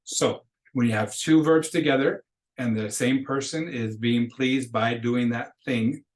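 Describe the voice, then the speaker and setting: A man gives a recorded beginner Spanish lecture. He talks at a middling pitch and walks through the grammar patiently, step by step. He reads example phrases aloud for students to repeat. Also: steady tone, unhurried, rough recording. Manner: patient, explains step by step, models phrases for repetition. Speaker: Spanish teacher.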